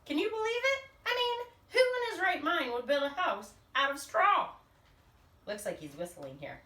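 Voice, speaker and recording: A woman's voice: very high-pitched, very animated, moderate pace, reverberant, far from the mic, noisy background. A woman reading a picture book aloud to children in a playful, exaggerated storybook manner. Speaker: storytime reader.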